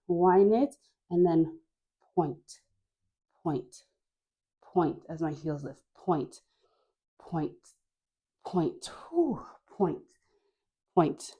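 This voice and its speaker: A woman's voice: on the low side, slow, long pauses, dark tone. A woman leading a guided dance class, encouraging and playful, often laughing, talking while she dances with a mic on. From Caribbean. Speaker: dance instructor. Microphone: wearing a mic.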